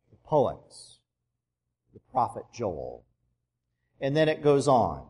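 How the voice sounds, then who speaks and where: A man pastor giving a sermon in a church, telling the story conversationally and dropping soft for emphasis. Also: medium pitch, sing-song, slow pace, long pauses, slightly rough, long reverb tail.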